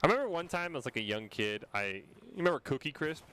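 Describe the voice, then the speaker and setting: A man casting an online game tournament, bantering and chatting in an animated, opinionated way. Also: on the high side, quick pace. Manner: animated, opinionated, laughs often. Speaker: esports caster. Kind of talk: casual game commentary and banter. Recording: noisy background ambience.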